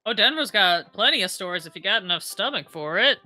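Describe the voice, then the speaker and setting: Tough woman in leathers, voiced by a lady, blunt and sour, swears, a bit lower than her usual voice, bright edge. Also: lively intonation, brisk, faint music behind.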